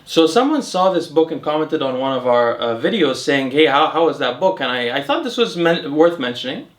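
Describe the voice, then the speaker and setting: A man's voice: a little high, sing-song, fairly quick. Chatty man hosting, echoey room. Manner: chatty, rambling with fillers and restarts. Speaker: host. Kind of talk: casual Q and A chat.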